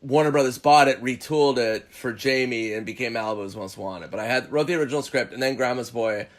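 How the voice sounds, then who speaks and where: A man's voice: medium pitch, a little fast. Profane, rambling man on a podcast. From Minnesota. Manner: rambling, profane storytelling with voiced impressions. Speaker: comedian guest. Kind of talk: casual podcast chat.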